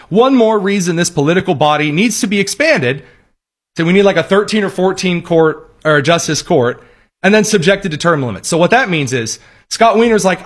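A man's voice: fairly high pitch, fairly bright tone. A man giving opinionated political commentary, sarcastic and ranting, with frequent restarts.

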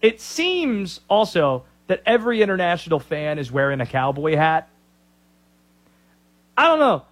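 A man's voice: a little high, lively intonation, moderate pace, few pauses. A man hosting a sports talk radio show, opinionated and joking.

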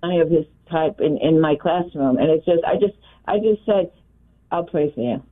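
A woman calling into a radio show, telling an encounter in an animated way. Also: deep voice, moderate pace. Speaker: caller. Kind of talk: call-in recounting a story. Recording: tinny phone line.

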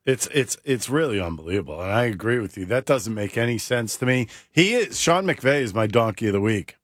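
A man's voice: mid-range voice, expressive, fairly quick, dry recording, studio quality. A man co-hosting a sports talk show, talking in a laid-back, plainspoken way.

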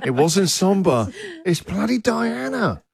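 A male radio host with a lively, bouncing voice that jumps up and down in pitch, joking and laughing his way through a bit. Music plays clearly beneath him. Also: takes it slowly. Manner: jokey, laughing often, lively. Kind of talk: breakfast radio banter.

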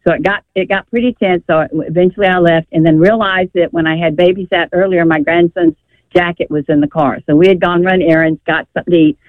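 A woman's voice: lowish voice, steady tone, quick pace, dry recording. An older woman calling in to a radio show, telling her story in a rambling, emphatic way over the phone. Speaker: caller. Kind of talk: call-in radio chat. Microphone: telephone. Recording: tinny phone line.

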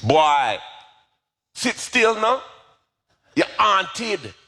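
A man's voice: high-pitched, very animated, drawn-out words, sharp tone, pitched above the performer's own voice, heavily acted. A man putting on a scolding Jamaican mother. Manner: firm, scolding. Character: stern Jamaican mother scolding her restless boy. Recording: echoey hall with faint music.

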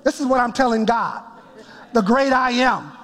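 A man preaching a sermon, telling his story with emphatic build-ups that rise toward shouts. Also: very high voice, animated, normal speed. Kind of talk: sermon testimony. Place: church sanctuary before a congregation. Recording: long reverb of a large hall.

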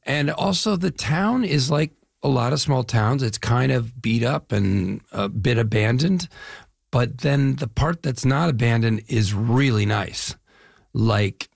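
A man's voice: mid-range voice, creaky, no echo, clean studio sound. A middle-aged man from the Chicago area, an actor telling rambling stories in a casual interview. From Chicago area, Midwest US. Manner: animated, rambling storyteller. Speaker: actor guest.

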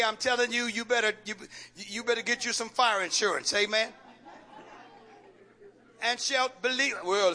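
High bright-voiced preacher man. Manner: preacher's rhetorical questions, coaxing and joking. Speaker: pastor. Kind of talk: call-and-response sermon. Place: church sanctuary with congregation.

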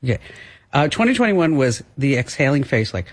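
A man's voice: medium pitch, sing-song, fairly quick. Playful man hosting a radio show. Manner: playful, laughs often, quizzes his co-host. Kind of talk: casual radio chat with an ad read.

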